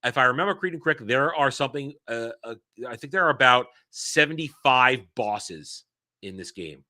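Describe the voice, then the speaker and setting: Animated, bright-voiced male streamer. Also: medium pitch, moderate pace. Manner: animated, swears and mock-yells at chat. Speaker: streamer host. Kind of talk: live-stream commentary.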